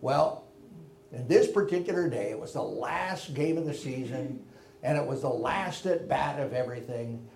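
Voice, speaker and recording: A man telling a folksy personal story, with gentle chuckles and hushed tender moments. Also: medium pitch, lively intonation, moderate pace, creaky, roomy sound, slight background noise. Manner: folksy and warm, drops to a hush for tender moments. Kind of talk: personal anecdote told to listeners.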